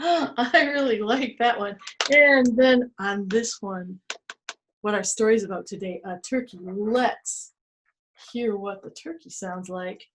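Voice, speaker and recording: At a children's museum, a woman runs storytime with animated, playful energy, voicing animal sounds and sound words for young children. She speaks slowly at a medium pitch, with a faint hiss or hum in the audio.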